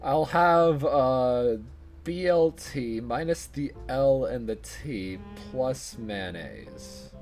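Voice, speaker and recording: A woman's voice: rumbling low, very slow, darkish tone, soft background music. A woman joking around as a player in a tabletop game, playful and giggly. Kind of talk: casual chat during a tabletop game.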